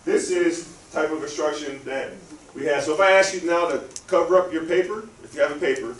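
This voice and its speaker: A male guest speaker with a fairly high, brisk voice runs a live interactive spelling lesson in a library lecture room, getting the audience to respond call-and-response style. The recording is roomy, distant, and has a faint room hum.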